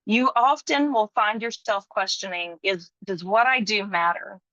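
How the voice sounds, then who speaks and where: A woman's voice: mid-range voice, a little slow, pushed and bright, no room sound, muffled recording. A woman guest on a podcast talking in a sincere, reflective way about her work and her faith, with the odd light laugh. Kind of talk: casual interview chat.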